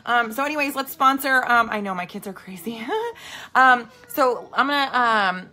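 Sharp in tone and on the high side, this woman's voice is very animated at a moderate pace. She's a network marketing coach talking casually to camera at home while kids are around, chatty and bubbly, checking in with "okay?" over and over.

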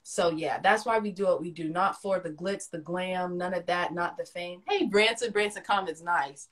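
A young woman co-hosting a casual phone livestream, telling a personal story in an animated way with big swings in loudness. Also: fairly low pitch, moderate pace. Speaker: livestream co-host.

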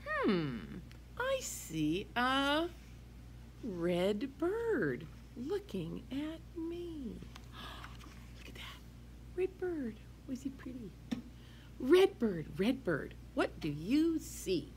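A woman teacher reads a picture book aloud to small children, her voice swooping high and low in a lively sing-song. She takes her time over each line and drops into hushed whispers for asides. Faint noise sits behind her. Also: extremely slow. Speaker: preschool teacher.

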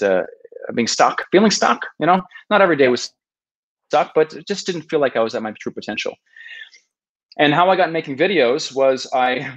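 A man in his thirties tells his own story on a podcast, earnest and self-deprecating, often restarting his sentences. His voice sits at an ordinary middle pitch for a man. The recording sounds slightly dull and lo-fi. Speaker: podcast guest, travel video maker. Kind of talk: casual storytelling interview. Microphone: podcast microphone.

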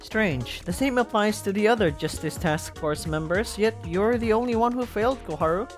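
A gamer reading game dialogue aloud, voicing a blunt schoolgirl in a flat, matter-of-fact way. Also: mid-range voice, moderate pace, faint music behind, voice pushed up, close to an everyday voice. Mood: deadpan.

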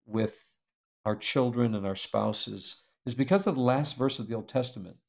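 Middle-aged male storyteller, gravelly edge, animated and laughing, mid pitch. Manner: animated, laughing as he reads old letters aloud. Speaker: author and speaker. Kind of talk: interview storytelling.

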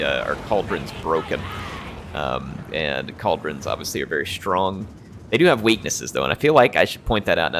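A man's voice: deep voice, slight background noise. A man giving casual, explanatory commentary over a strategy game battle replay, with plenty of fillers. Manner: relaxed, explanatory, frequent fillers.

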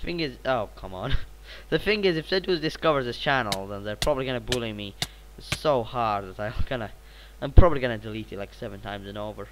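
A teenage boy, sounding a little sick, narrating his gameplay in a rambling, excitable way with sudden bursts of repeated exclamations. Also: mid-range voice, fairly quick, few pauses, background noise. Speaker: gaming channel host. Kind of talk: gameplay commentary.

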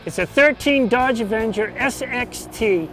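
A man's voice: very high voice, measured pace, a bit bright, soft background music. A man co-hosting a local TV car-sales show, upbeat, listing features and urging viewers to hurry in. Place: car dealership lot.

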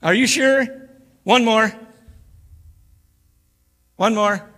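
A man's voice: sits high, very slow, pushed and bright. An older man giving a folksy, joking sermon as a guest preacher, acting out quoted voices. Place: church sanctuary. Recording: church live stream with long reverb.

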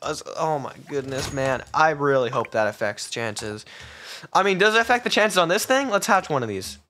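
A man doing excitable, melodramatic gameplay commentary as a gaming video creator. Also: normal speed. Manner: excitable, melodramatic, jumps to squeaky yelps. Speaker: gaming YouTuber.

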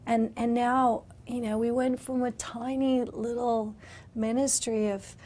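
A woman's voice: fairly high pitch, little pitch movement, unhurried, mellow, a little hiss or hum. A middle-aged woman missionary giving a spoken testimony, emotional, often dropping into whispers. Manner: emotional, drops into whispers at tender moments.

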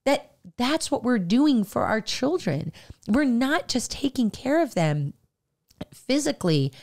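Casting note: middle-aged woman, fairly high voice, halting and heartfelt faith-podcast host. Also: big pitch swings, darkish tone. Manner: halting, filler-heavy, growing emotional and earnest. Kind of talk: faith-based casual podcast talk.

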